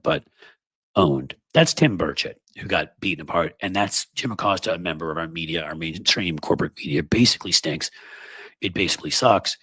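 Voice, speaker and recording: A man's voice: deep voice, brisk, fairly bright tone, slightly rough, no room sound. A man in his fifties from New York City, hosting a political commentary monologue with sarcastic, mocking asides. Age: 50s. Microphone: studio microphone.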